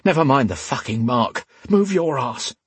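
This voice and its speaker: A rough street thug , voiced by a male narrator, growls and spits out his words in a raised, strained voice. The tone is husky and harsh. It sits dry and close, like an audiobook read. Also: lively intonation, unhurried, no echo, heavily acted. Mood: bitter, growling. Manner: spitting, growling, higher and harsher than the narrator. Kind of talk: audiobook character voice.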